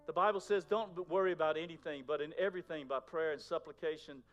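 A man preaching a sermon in a conversational way, moving between loud emphasis and near-whispers. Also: on the high side, fairly even intonation, fast talker, highs cut off. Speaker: pastor.

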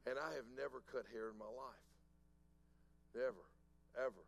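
Gravelly preaching man, hushed to loud. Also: medium pitch, slight background noise, rough recording. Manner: swings from hushed storytelling to loud, slow preaching. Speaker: pastor. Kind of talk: sermon.

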